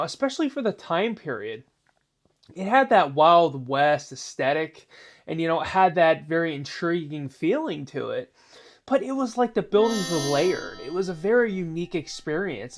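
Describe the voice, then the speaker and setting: A man telling a spooky story in a casual, rambling way, full of filler phrases. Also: a little high. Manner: rambling, many "you know" fillers.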